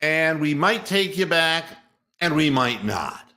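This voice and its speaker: Male sports talk host, sarcastic, profane, slow deliberate delivery, bright edgy tone. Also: a little high, very animated. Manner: sarcastic and mocking, swears freely. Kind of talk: opinionated sports talk rant.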